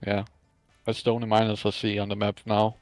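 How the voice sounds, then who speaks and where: A man from Scandinavia co-commentating a strategy game match, chiming in with brief, relaxed remarks. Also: fairly low pitch, a little fast, dry recording, soft background music.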